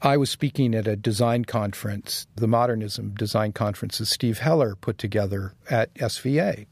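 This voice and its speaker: A man's voice: on the low side, moderate pace, slightly rough, dry recording. A man being interviewed as a designer, talking casually and reflectively and chuckling as he tells anecdotes. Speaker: guest designer.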